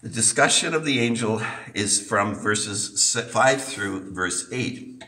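Male preacher, emphatic sermon, lively pitch, recorded far off in a roomy hall. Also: slow. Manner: emphatic, repeating for stress. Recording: echoey church from a distance.

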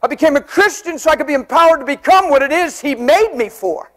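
A man preaching a sermon with fervour, swinging between shouted exclamations and soft, tender passages. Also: very high-pitched, expressive, fast talker.

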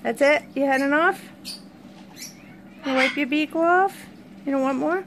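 A woman with a high, light voice coos at her pets in a sing-song way while she feeds them. She chats casually to the people watching her vlog between the animal talk. Birds squawk loudly behind her in a noisy home recording. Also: a little slow. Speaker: vlogger feeding her pets. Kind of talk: casual chat to pets and viewers.

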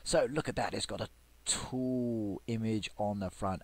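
A man with a fairly low voice gives casual commentary while he plays a farming game. He talks chattily to his viewers, often leaping high with excitement or dropping into a hushed whisper as he waits for a delivery. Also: a little slow, no echo. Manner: chatty, playfully excited, with squeals and sudden whispers. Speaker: game video creator. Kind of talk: gameplay commentary.

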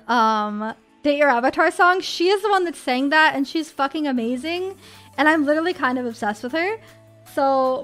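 Very high-voiced bubbly young woman streamer. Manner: bubbly, gushing and excitable. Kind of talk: casual stream sign-off chat.

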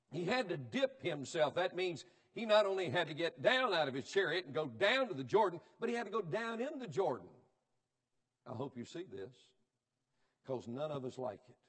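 A man preaching a revival sermon in a church, swinging from shouted climaxes to a hushed, pleading altar call. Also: fairly high pitch. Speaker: evangelist preacher. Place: church sanctuary.

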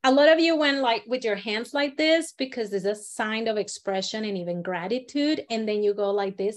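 Woman storytelling coach, somewhat high voice, encouraging, demonstrative, slips into short acted lines while instructing. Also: normal speed. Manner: expressive, encouraging, demonstrates lines with lively voice changes. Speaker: storytelling workshop teacher.

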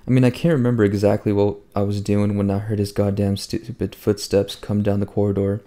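A man narrating a novel in the first person, his voice pitched low and mellow. He reads in a conversational, wry manner, as if telling the story himself. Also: level tone, brisk. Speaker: audiobook reader.

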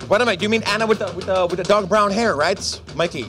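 A man's voice: high voice, fast, hardly any pauses, fairly bright tone, faint music behind. A man presenting a live casino game, chatting playfully with viewers and joking between rounds. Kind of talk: lively chat with viewers while running a game.

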